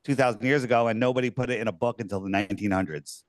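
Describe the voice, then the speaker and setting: A man's voice: medium pitch, racing, no room sound. A man telling his story as a podcast guest, rambling with lots of fillers and restarts. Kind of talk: casual storytelling.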